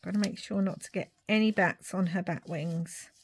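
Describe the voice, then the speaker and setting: A woman's voice: on the low side, fairly even intonation, normal speed, a little hiss or hum. A middle-aged woman chatting and thinking aloud as she works on a craft project. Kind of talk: crafting vlog commentary.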